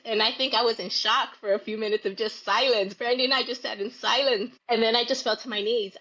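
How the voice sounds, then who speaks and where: A woman guest shares her story in an interview. She speaks in an emotional, halting way, full of gratitude. Her audio sounds muffled and lo-fi. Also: medium pitch, steady tone, sharp tone. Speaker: guest, military parent.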